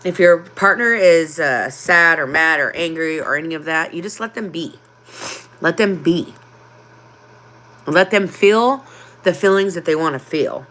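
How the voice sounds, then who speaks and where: Low-voiced woman hosting a heartfelt livestream. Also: a little slow, fairly bright tone. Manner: heartfelt, open, with frequent ums. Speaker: livestream host. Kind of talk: casual livestream chat.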